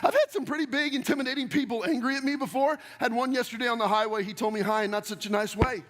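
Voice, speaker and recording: A male pastor preaches with a strikingly high voice that pushes hard and fast. He keeps turning to the congregation with direct questions. His words ring out with a long reverb through a large church sanctuary. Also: steady tone, fairly bright tone. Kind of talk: sermon.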